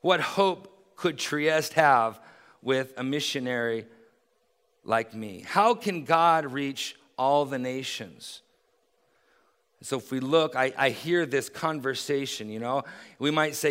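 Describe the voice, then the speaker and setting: A man's voice: medium pitch, takes it slowly, a bit bright, clear, resonant tone. Earnest male preacher in a reverberant hall. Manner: earnest, rising to emphatic peaks. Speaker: pastor. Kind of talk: sermon. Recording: long reverb of a large hall.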